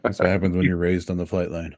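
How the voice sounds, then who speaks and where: A man's voice: low-pitched, little pitch movement, fast, darkish tone, no room sound. A man in a casual podcast chat, laid-back and chuckling.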